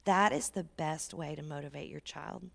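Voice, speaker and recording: A woman's voice: sits low, normal speed, vocal fry, fairly bright tone. A woman speaking as a guest speaker, giving an earnest, conversational parenting talk to a church audience and dropping to a near whisper for emphasis.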